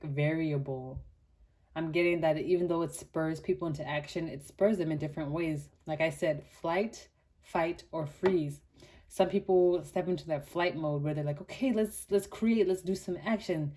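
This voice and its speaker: A young woman from Botswana giving a casual pick-a-card tarot reading, chatty and animated, with many "like" fillers and frequent laughter. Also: low voice.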